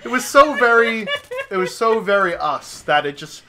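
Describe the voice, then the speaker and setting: A young man, a podcast host, telling a story in casual chat, animated and profane, acting out his own reactions. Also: high voice, moderate pace, a crowd in the background.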